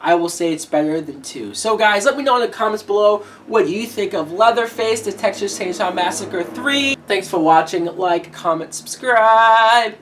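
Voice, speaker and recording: A woman's voice: medium pitch, lively intonation, normal speed, few pauses, a little hiss or hum. A woman giving a casual horror movie review, blunt and swearing freely, often laughing as she talks.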